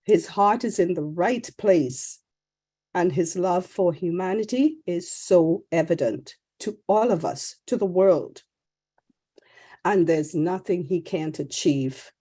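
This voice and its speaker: A woman's voice: fairly low pitch, slow pace, dark tone, husky. A woman speaking effusively on a webinar panel, praising with devout fervor. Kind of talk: enthusiastic testimonial.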